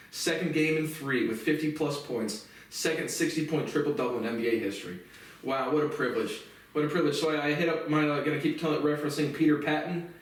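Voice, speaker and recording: A man in a bitter, profane monologue rant, repeating himself as he goes. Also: medium pitch. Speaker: vlogger. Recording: very echoey room, distant mic.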